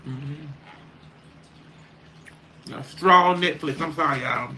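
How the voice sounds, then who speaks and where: A man's voice: a little high, takes it slowly, background noise. A man chatting casually on his livestream, rambling and talking straight to his viewers.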